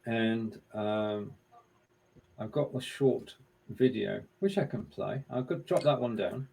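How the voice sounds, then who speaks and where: A man's voice: fairly low pitch, slow pace, gravelly, a little mellow, slightly rough. A man co-hosting a live stream in a casual chat, running a music quiz and fiddling with screen sharing as he talks.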